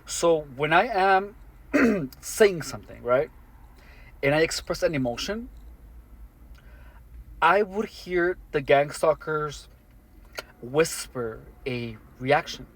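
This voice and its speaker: A man speaking alone to the camera in an earnest, matter-of-fact monologue, halting with many restarts and fillers. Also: fairly high pitch, expressive. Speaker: vlogger. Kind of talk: first-person monologue to camera.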